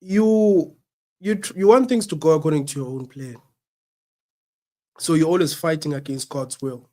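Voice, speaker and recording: A man's voice: a little high, moderate pace, warm tone. A South African man hosting a radio show, who has the flu and coughs, speaking in an earnest, preachy way and repeating his points. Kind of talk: reflective talk-show monologue.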